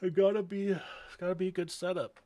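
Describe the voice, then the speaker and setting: A man co-hosting a trading livestream, chatting in a relaxed, bantering way about the market. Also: sits high, fairly quick, no echo. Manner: laid-back, bantering. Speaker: trading stream co-host. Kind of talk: casual chat over live trades.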